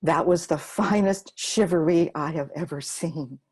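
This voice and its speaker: A woman voicing a gentle, nostalgic elderly great-grandmother in a told story, speaking softly and slowly. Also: low voice, husky. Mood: tender. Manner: soft, slow and wistful.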